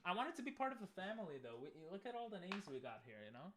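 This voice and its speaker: A young man casually commenting on a game he is playing, chatting with viewers and bursting into loud cheers. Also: high-pitched, big pitch swings, very fast, background noise. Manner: talks to chat, asks viewers questions. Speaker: streamer.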